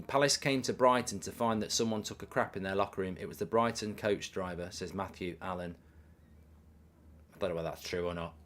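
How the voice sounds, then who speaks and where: A man's voice: low-pitched, fairly bright tone. A middle-aged man hosting a live football watchalong, chatting casually and reading out viewer messages. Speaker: host.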